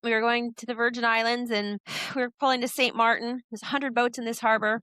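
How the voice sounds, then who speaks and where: Middle-aged woman guest, bright clear voice, dry close sound, lively storyteller. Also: on the high side, brisk, no echo. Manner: animated storyteller who acts out voices in quotes. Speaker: podcast guest. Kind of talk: storytelling in a casual interview.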